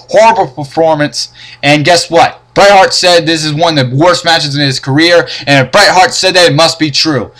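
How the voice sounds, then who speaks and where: A man's voice: sits high, bright, forceful tone. A young man giving a casual, profane, sarcastic rant reviewing old wrestling matches.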